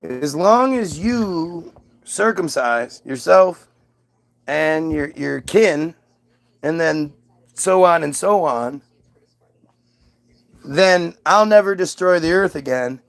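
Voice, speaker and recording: A man's voice: on the high side, expressive, takes it slowly, gravelly, pauses often, full character voice. A man voicing a blunt, impatient male god in a casual comic retelling. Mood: offhand. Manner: curt, casual, exasperated.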